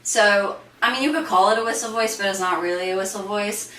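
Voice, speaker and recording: A woman singer talks through her range in a loose, thinking-aloud way. Her voice is bright and forward. It sounds echoey, with the mic set back and a faint hiss underneath. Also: medium pitch, fairly quick, far from the mic. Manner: relaxed, thinking aloud with many "like" and "sort of". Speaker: singer and voice teacher. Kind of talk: casual vocal demonstration.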